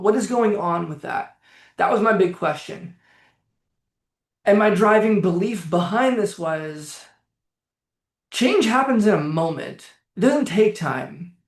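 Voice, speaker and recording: A man in his late twenties, working as a coach, telling his story in blunt, casual talk with frequent swearing. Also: sits high. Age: late 20s. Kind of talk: casual direct-to-camera talk. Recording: echoey room.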